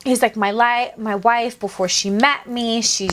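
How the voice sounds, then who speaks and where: A young woman in her twenties telling a storytime vlog in a casual, profane, animated way, acting out both sides of the conversations. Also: a little high, measured pace, slight background noise. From Latina. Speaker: beauty vlogger.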